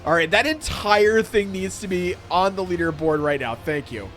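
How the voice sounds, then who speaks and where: A man's voice: high voice, moderate pace. A man live-streaming who chats with his audience, reads out story text theatrically and keeps breaking into laughter. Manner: excitable, breaks into laughter, theatrical when reading. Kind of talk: casual live-stream chat and dramatic reading. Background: faint background music.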